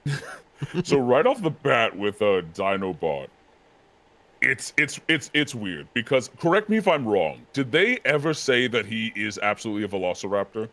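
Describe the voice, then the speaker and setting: A man talking as a guest in casual chat, animated, laughing easily and often correcting himself. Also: fairly low pitch, moderate pace.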